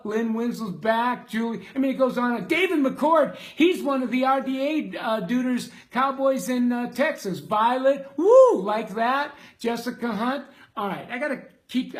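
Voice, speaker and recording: A middle-aged man coaching salon owners in a live stream, reading out viewer comments in a casual, slangy and excitable way with loud bursts. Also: very high voice.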